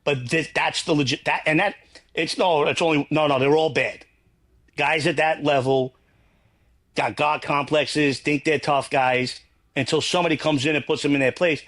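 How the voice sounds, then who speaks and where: A man's voice: a little high, steady tone, normal speed, a bit bright. A man, a guest in a casual interview, talking bluntly in long, rambling runs and swearing freely. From New York.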